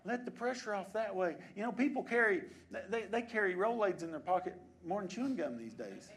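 A man, preaching a sermon as pastor of a church, shifting between quiet conversational asides and loud exhortations. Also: high voice, lively intonation, fairly quick. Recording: congregation answering in the background. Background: congregation responding.

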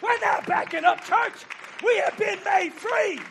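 A high, gravelly-voiced man preaches a fiery revival sermon, hammering out repeated phrases and shouting exhortations to the people. A congregation murmurs faintly behind him in the hall. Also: a little slow, crowd noise, noisy background. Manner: shouting, rhythmic repetition, call-and-response exhortation. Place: church banquet hall.

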